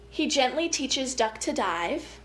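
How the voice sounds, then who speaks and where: High, unhurried storytime reader. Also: female voice, slight background noise. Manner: gentle, playful, chatty asides to young listeners. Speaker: family educator. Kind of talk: reading a picture book aloud to children.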